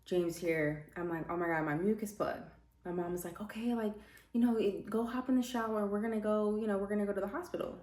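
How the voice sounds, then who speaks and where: A woman's voice: medium pitch, a little fast, darkish tone. A young woman vlogger telling her birth story in casual chat, full of fillers and acted-out quotes. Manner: chatty, many "like" fillers, acts out quotes. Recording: echoey room with faint ambience.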